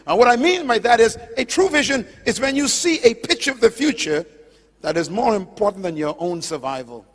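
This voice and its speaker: Impassioned male preacher in an echoing hall. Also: very animated. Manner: impassioned, emphatic, swings from loud declarations to low slow drawn-out words; addresses listeners directly with questions. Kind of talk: sermon. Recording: long hall reverb.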